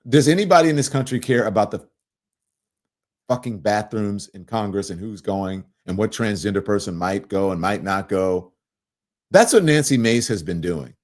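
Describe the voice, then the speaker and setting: Animated man hosting a political talk show. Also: on the low side, moderate pace. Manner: animated, laughing, conversational, reads viewer comments aloud. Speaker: host. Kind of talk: political commentary livestream.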